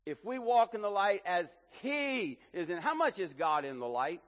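High-voiced preacher in an echoing hall. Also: male voice, big pitch swings, normal speed, hardly any pauses, lo-fi sound. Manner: preaching with emphatic rises and drops in volume. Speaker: pastor. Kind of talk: sermon. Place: church hall.

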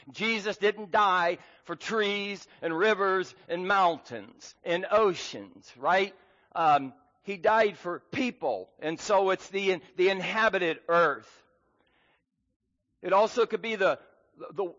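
A man's voice: high-pitched, lively intonation, slow, a bit bright. A man preaching a sermon as pastor, earnest and emphatic, with frequent fillers. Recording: dull sound with long hall reverb.

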